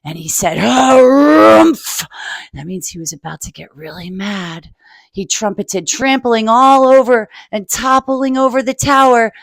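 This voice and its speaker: A woman's voice: a little high, fairly even intonation, fairly bright tone, no room sound. A woman reading a picture book aloud to children and adding her own asides. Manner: slow, adds asides for children.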